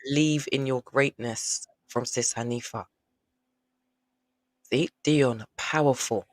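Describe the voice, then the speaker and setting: A man's voice: mid-range voice, fairly even intonation, slow, no echo, low-quality recording. A man hosting a live online show over a video call, effusive and repeating phrases for emphasis. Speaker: host.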